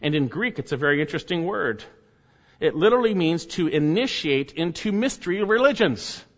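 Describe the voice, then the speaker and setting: A man preaching an expository sermon as pastor, repeating key phrases and swinging from loud emphatic peaks to hushed low endings. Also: big pitch swings, fairly quick. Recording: dull sound with long hall reverb.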